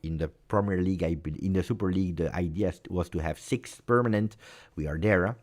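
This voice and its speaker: A middle-aged man with an Italian accent hosts a casual football livestream. His voice sits low, and he talks in an animated way, repeating phrases for emphasis. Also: fast. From Italy. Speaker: football channel host. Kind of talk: casual livestream chat with viewers.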